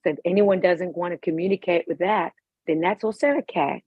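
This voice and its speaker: A woman's voice: on the low side, fairly quick, breathy edge, no room sound. A woman guest talking with passion, emphatic and outspoken about her views. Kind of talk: passionate personal talk. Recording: dull lo-fi recording.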